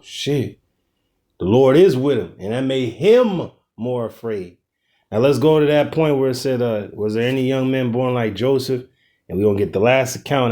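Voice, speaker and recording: A man casually leading a scripture study, explaining verses with slang and profanity. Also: medium pitch. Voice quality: profane, slangy, animated commentary. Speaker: bible study leader. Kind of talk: casual bible study discussion.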